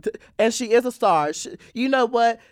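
A man co-hosting a podcast in casual chat, animated and laughing often, from a small country town. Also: extremely high pitch, smooth, dry recording, studio quality. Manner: animated, laughs often, drawn-out emphatic talk. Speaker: podcast co-host, drag queen.

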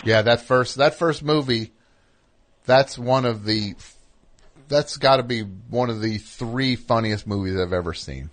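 A man hosting a call-in radio show, chatting casually with a rambling, animated manner that drifts off quietly at times. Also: mid-range voice, unhurried.

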